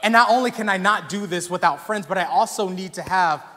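Young guy preaching in church, high voice, casual storytelling, gets loud, big echoey hall. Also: brisk. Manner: casual, animated storytelling, rising to shouts. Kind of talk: sermon. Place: church sanctuary. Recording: long hall reverb.

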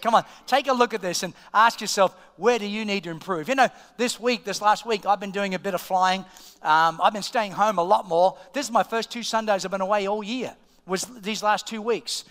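A middle-aged Australian man preaching from the pulpit in a strikingly high voice, telling stories with animated swings between hushed asides and loud, excited peaks. His sermon rings with the long reverb of a large church hall. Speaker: pastor. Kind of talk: sermon with personal storytelling. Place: church auditorium.

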